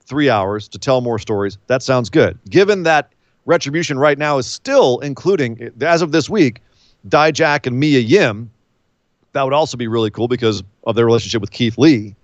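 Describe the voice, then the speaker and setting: A man co-hosting a casual wrestling recap chat, animated and acting out scenes in silly voices. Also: medium pitch, moderate pace, no room sound, highs cut off. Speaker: podcast co-host.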